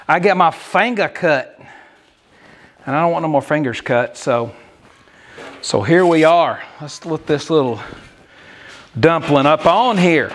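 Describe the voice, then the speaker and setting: A man's voice: a little high, fairly bright tone, a little hiss or hum. A man, out of breath, chatting in a folksy, joking way as he works on a car in his garage. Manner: folksy, joking, talks while working. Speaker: DIY car builder. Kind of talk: casual workshop tutorial.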